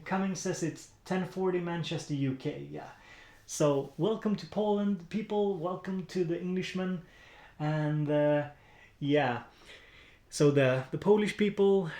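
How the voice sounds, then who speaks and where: A man from Sweden, with a slightly high, darkish voice and a Swedish accent, talks loosely on a music-production stream, stumbling over fillers and restarts as he works on samples. The room is echoey.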